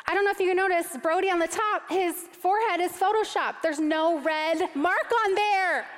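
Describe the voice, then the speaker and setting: A high-voiced woman in her thirties preaches from a stage, mixing animated, self-mocking storytelling with scripture. Her voice carries a long reverb from a large church hall. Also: normal speed, hardly any pauses. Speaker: speaker giving a sermon. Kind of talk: storytelling sermon.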